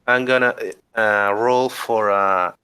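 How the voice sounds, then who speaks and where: A man's voice: lowish voice, fairly even intonation, slow, pushed and bright, clean tone. A man playing a tabletop game, talking casually and hesitantly as he decides his moves. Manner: hesitant, many fillers while deciding. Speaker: player.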